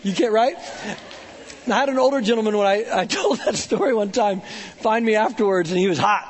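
A man's voice: high-pitched, fairly quick, slight background noise. A man preaching a casual, joking sermon, talking in a chatty way full of "like" and "right?". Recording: long hall reverb.

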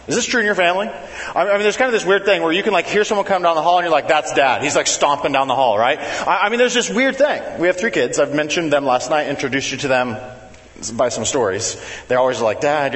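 A man preaching a sermon, telling family stories in a chatty, animated way and acting out his kids with sudden jumps in his voice. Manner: animated, conversational, acts out family members with big pitch jumps. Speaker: pastor. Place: church sanctuary. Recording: long reverb of a large hall.

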